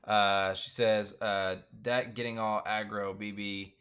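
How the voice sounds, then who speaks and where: A man's voice: on the low side, flat delivery, takes it slowly, fairly bright tone, clear, resonant tone. A man hosting a casual live-stream recap, rambling with lots of fillers and restarts and laughing often. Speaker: show recap host.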